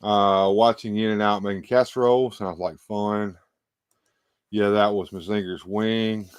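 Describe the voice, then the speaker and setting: A low-voiced man hosts a casual livestream, sounding tired and a little out of breath. He rambles in halting bursts, stopping and restarting often. The sound is dry, with no room echo. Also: steady tone, clean tone. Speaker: livestream host. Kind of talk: casual livestream chat, reading viewer comments.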